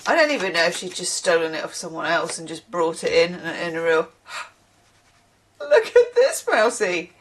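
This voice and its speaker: A woman's voice: on the low side, fairly even intonation, fast talker, few pauses, a bit bright, slight background noise. A tired woman giving a casual tarot reading, chatty and digressive, with the odd casual swear word. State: tired from little sleep. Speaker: tarot reader.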